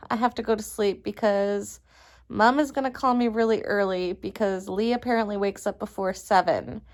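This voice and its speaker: A woman vlogger reading a rhyming picture book aloud at home at night, in an unhurried storytelling way, then chatting casually. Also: on the high side. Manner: unhurried storytelling, laughs between lines.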